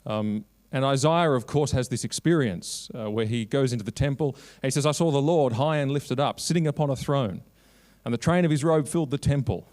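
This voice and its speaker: Emphatic male keynote preacher, mid-range voice, climbs to urgent peaks and drops to quiet asides. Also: brisk. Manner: emphatic, swinging between raised urgent lines and low quiet asides; quotes scripture and builds long repeated lists. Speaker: Christian lobby director giving a keynote.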